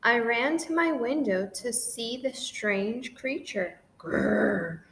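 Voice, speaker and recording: A woman reading a rhyming children's picture book aloud in an expressive, sing-song way. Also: a little high, slow pace. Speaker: storybook reader. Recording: roomy echo with faint noise.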